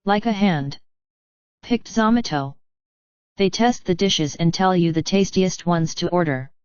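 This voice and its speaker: A woman narrating an audiobook in an even, wry storytelling read. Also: fairly low pitch, a little slow, clear, resonant tone, no echo, lo-fi sound.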